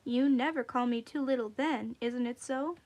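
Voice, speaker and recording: A woman's voice: fairly high pitch, moderate pace, darkish tone, lightly acted. A woman voicing a small, boastful male rabbit trickster who talks in a folksy, wheedling way. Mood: cocky. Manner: folksy dialect, wheedling and cocky.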